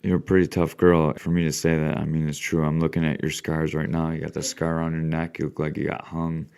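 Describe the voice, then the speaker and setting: Gravelly low-voiced man hosting a podcast. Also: completely flat delivery, brisk, darkish tone. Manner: coaxing, encouraging, plainspoken. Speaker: podcast host. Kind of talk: casual interview.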